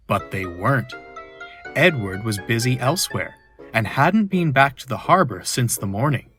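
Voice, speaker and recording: A man narrating a children's storybook, slow and expressive. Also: mid-range voice, faint music behind.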